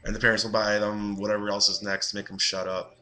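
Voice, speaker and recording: A man's voice: fairly low pitch, completely flat delivery, fast talker, bright, forceful tone. A young adult man ranting on his video blog, exasperated and profane, mocking others in quoted voices. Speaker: vlogger.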